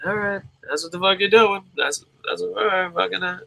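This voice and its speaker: Bright-voiced, profane man hosting a show. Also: high voice, fairly even intonation, brisk, gravelly, low-quality recording. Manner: profane, rambling, self-mocking. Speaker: show host. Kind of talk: casual live-stream chat.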